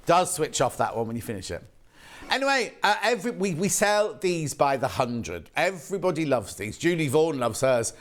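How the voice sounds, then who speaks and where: A man presenting on a shopping channel, chatting in a rambling, excitable way while demonstrating a product live. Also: fairly high pitch, normal speed. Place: TV studio.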